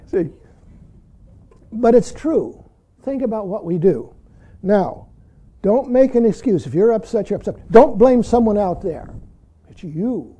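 A man's voice: high voice, big pitch swings, slow, long pauses, dark tone, slightly rough. A man giving a dharma talk as a Zen teacher, blunt and teasing, who laughs readily and keeps saying "see".

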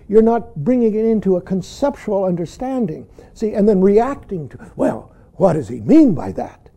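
Male Zen teacher, dharma talk, dark mellow tone, pitch leaping all over, keeps saying "see". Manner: emphatic, keeps saying "see", chuckles often.

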